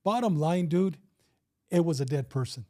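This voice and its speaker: A man's voice: fairly high pitch, expressive, moderate pace, mellow. A man in his fifties, a retired police officer, telling a story in a casual interview and acting out the dialogue with some swearing.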